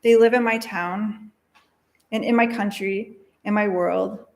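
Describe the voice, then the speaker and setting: A woman telling a story for all ages during a worship service, slow and gentle with repeated refrains. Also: medium pitch, steady tone, vocal fry.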